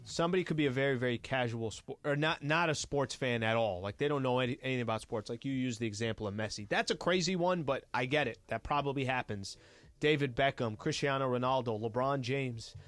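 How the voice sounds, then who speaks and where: A male sports radio co-host with a middle-range voice and an easy, conversational delivery. He works through his points out loud, restarting his sentences as he goes. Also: medium pitch, fast, no echo, soft background music. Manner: relaxed, thinks aloud with restarts. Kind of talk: casual sports radio chat.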